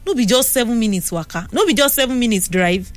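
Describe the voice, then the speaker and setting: A young Nigerian woman hosting a radio talk show, chatting and telling stories in an animated way on a studio mic. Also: a little high, fast talker, dry recording, faint music behind. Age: young adult. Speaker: radio host. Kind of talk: casual radio talk and storytelling. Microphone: studio microphone.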